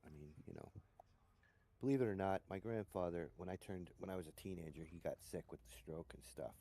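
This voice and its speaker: A middle-aged man chats casually while gaming on a stream, telling rambling stories packed with "you know." His voice is low-pitched, warm and creaky, and he talks fairly quickly.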